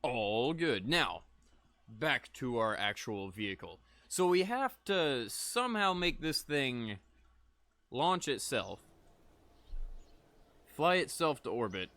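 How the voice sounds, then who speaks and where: A man's voice: mid-range voice, big pitch swings, slow pace, long pauses, sharp tone, dry recording. A young man casually rambling through live gameplay commentary, laid-back and often chuckling, with the odd cough. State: coughing between lines. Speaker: gaming streamer.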